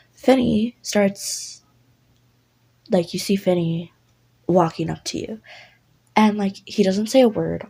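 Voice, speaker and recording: A woman narrates a listener role-play story in a loose, rambling way, piling on fillers, swearing, and apologies. Her voice sits low, with a gravelly, husky texture and a dark, mellow tone. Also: poor audio.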